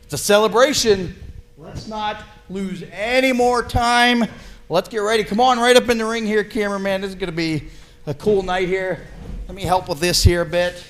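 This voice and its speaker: A high-voiced man runs an in-ring wrestling interview. He talks in an excitable, hyped-up way and keeps pushing the guests to celebrate. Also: normal speed.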